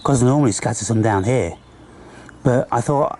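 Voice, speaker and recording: Out in a garden or woodland, a man vlogs on a handheld camera, chatting away and coaxing birds and squirrels in a singsong voice. He has a mellow, mid-range voice at a normal speed. A little background noise can be heard.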